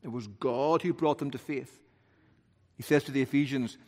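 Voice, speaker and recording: A pastor, a man of middle pitch, delivering an emphatic sermon. His voice rises forcefully, then drops to quiet, weighty lows. A long reverb trails each phrase, as in a large hall. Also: normal speed. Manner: emphatic preaching, rising and dropping to hushed lows.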